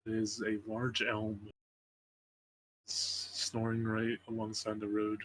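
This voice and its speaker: A man's voice: lowish voice, monotone, slow pace, fairly bright tone, slight background noise, poor audio. A man running a tabletop game as game master, narrating in a hesitant way, often restarting his phrases.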